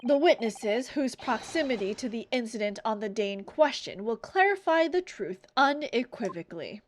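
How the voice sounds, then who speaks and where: A woman's voice: on the high side, expressive, moderate pace, natural voice. A woman voicing a formal, authoritative male judge presiding over a court. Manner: formal, commanding.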